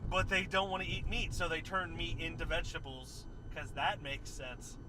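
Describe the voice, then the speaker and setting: A man's voice: a little high, fairly even intonation, normal speed, noisy background. A man co-hosting a movie review show, telling a story in casual chat and acting out the scenes with animation.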